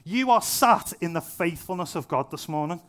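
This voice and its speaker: A man's voice: fairly high pitch, expressive, moderate pace, a bit bright. A young man preaching a sermon in a church, casual and humorous, driving points home by repeating them. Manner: conversational, self-deprecating humour, emphatic repetition. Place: church venue.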